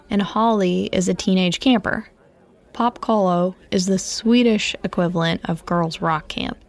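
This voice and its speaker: A woman's voice: mid-range voice, creaky. A woman reading a first-person story in a reflective, evenly paced storytelling manner. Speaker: narrator.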